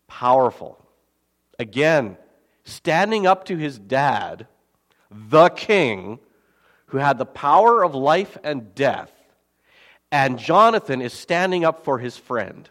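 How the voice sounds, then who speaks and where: Male pastor preaching, lively pitch, slightly high voice, big echoing hall. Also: a little slow. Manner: expressive, swings from loud emphasis to quiet asides. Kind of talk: sermon. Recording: long hall reverb.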